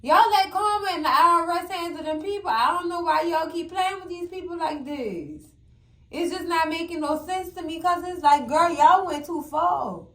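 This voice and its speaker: Woman recap host, high voice, fiery, chatty, echoey room. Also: moderate pace. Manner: animated, exclamatory, addresses viewers as cousins. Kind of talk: casual TV recap commentary.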